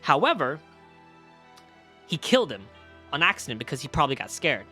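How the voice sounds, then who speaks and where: A man streaming a video game and reacting out loud. His commentary is animated and excitable, and his pitch swings a lot. Faint music plays under his voice. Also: brisk. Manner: animated, excitable, swears, laughs.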